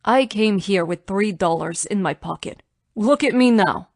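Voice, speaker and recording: A woman's voice: medium pitch, lively intonation, unhurried, no room sound, studio quality. A woman reading an audiobook voices a confident, protective Russian man who owns a nightclub, speaking in a firm, clipped way with a Russian accent. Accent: Russian, as put on.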